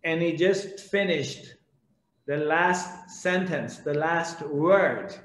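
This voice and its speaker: A man's voice: on the high side, drawn-out words, fairly bright tone, reverberant, poor audio. A man giving a spiritual discourse, telling a story animatedly and acting out the characters. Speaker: spiritual teacher.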